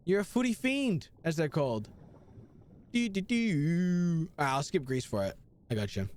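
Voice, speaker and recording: A man's voice: a little high, huge pitch swings, brisk. A young man live-streaming a video game, chatting casually and answering his chat with slang.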